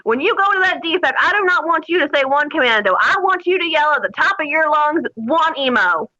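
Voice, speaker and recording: A woman putting on a gruff male army drill sergeant who barks crude, mocking insults at recruits. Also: high voice, lively intonation, fairly quick, bright, forceful tone, no echo, muffled recording, pitched above the performer's own voice.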